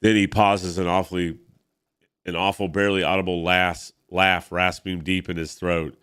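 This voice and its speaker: Deep-voiced man narrating a comic. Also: steady tone, moderate pace, clean tone, dry recording, clean studio sound. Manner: enthusiastic asides, dramatic narration. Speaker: podcast host. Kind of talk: reading a comic aloud with commentary.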